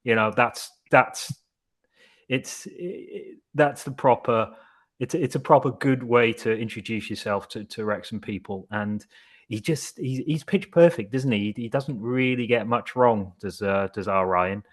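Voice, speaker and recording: A man chats casually as a podcast co-host, with a mid-pitched voice. He talks in a loose, chatty way and swears freely. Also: a little slow. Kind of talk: casual chat.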